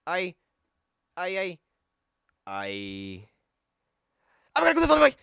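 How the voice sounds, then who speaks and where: A man's voice: a little high, animated, slow, pushed and bright, no echo, clean studio sound, voice pushed up, exaggerated voice. A man voicing a timid teenage schoolgirl in a game, stammering. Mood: flustered.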